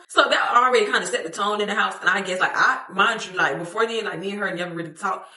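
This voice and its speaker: In an echoey room, a young woman tells a casual storytime vlog in a bright, forward, medium-pitched voice, talking fast with few pauses. She's expressive and slangy, swears freely, laughs often, and acts out what other people said.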